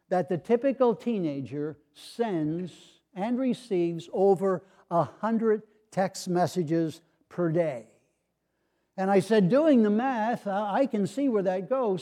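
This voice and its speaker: An older man, a retired pastor, preaching a sermon with gently humorous storytelling and voices for the people in his anecdotes. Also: sits high.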